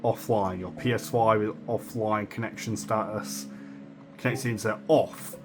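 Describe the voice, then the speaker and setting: A man's voice: lowish voice, steady tone, moderate pace, over music. A man casually explaining game discs and storage in a home vlog, rambling and correcting himself as he goes. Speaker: gaming YouTuber. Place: home room with a console and desk.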